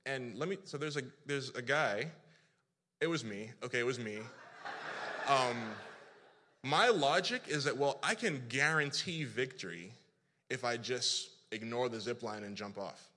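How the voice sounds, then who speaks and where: A man from Africa, telling an animated, self-deprecating story in a sermon, full of restarts. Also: mid-range voice, unhurried, background noise. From South Africa. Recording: reverberant hall.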